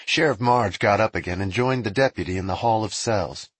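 A man narrating a storybook with an expressive reading. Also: lowish voice, brisk, husky, no echo.

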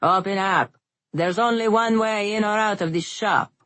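A woman voicing a stern male city guard shouting muffled commands through a door, in a storybook reading. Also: mid-range voice, moderate pace, dry recording, pitched above the performer's own voice, natural voice. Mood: commanding.

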